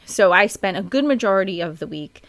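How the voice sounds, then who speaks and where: A woman's voice: medium pitch, animated, brisk, a bit bright. A woman in her thirties hosting a podcast, telling a personal story in a chatty, candid way with plenty of fillers. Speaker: podcast host.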